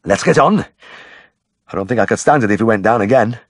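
Desperate dog owner, male, husky and low, voiced by the male narrator. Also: brisk, dry recording, studio quality. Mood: tense. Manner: strained, pleading. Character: anxious grown man fearing for his dog.

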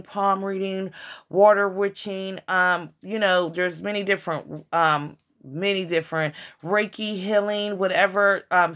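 A woman giving a casual tarot reading, emotional and excitable, with slangy chat. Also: on the low side. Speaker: tarot reader.

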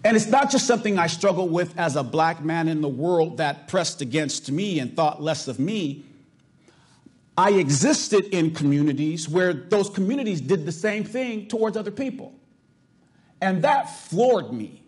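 A man's voice: fairly high pitch, expressive, a little slow, a little mellow. A middle-aged male pastor from the US South with a Californian accent, preaching emphatically and asking the congregation rhetorical questions. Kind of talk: sermon.

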